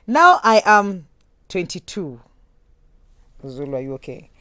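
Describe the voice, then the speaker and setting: A woman's voice: fairly low pitch, big pitch swings, slow pace, a bit bright, no room sound, clean studio sound. Chatty woman hosting a talk show. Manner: chatty, giggly. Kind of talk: reading listener messages on a talk show.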